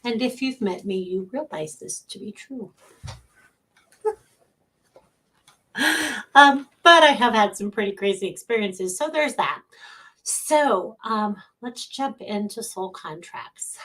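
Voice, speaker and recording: A woman's voice: medium pitch, expressive, slow pace, long pauses, a bit bright. A middle-aged woman hosting a casual livestream as a psychic medium, chatting from home, greeting viewers by name and laughing often.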